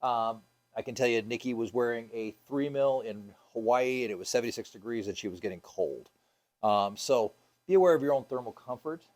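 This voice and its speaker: A man's voice: medium pitch, fairly quick, darkish tone. A man teaching a scuba diving class, casual and upbeat, with many ums and uhs, asking the class questions.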